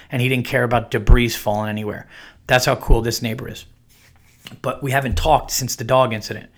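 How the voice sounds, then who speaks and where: A man's voice: medium pitch, fairly bright tone. A man hosts a podcast and tells a long, rambling story in a casual way. He keeps looping back and restarting his sentences, and he acts out the neighbor's quoted lines in a livelier voice. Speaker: podcast host.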